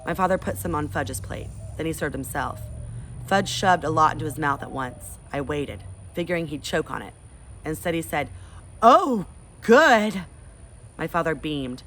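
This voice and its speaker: A woman's voice: low voice, normal speed, slight background noise. A woman in her thirties, a teacher, reading a children's book aloud expressively to her class. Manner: expressive, animated. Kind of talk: storybook read-aloud.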